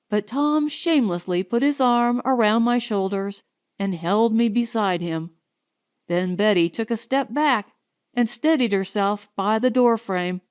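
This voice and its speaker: Woman audiobook narrator; unhurried, expressive, slightly raised voice. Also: fairly high pitch, clear, resonant tone. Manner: measured, expressive.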